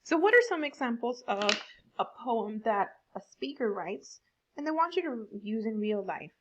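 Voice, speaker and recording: A woman teaching a fourth grade class, explaining slowly and stressing words for young pupils. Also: on the high side, sing-song, fairly bright tone, lo-fi sound. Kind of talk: online classroom lesson.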